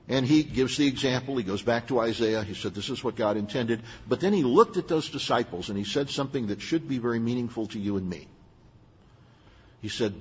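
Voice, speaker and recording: A man's voice: mid-range voice, brisk, slightly rough. An older man preaching a sermon as a pastor, earnest and emphatic, with plain asides to his listeners. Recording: muffled, long hall reverb.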